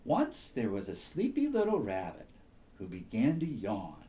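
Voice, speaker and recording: A man reading a bedtime story aloud to children in a soothing, very expressive way. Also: on the low side, unhurried.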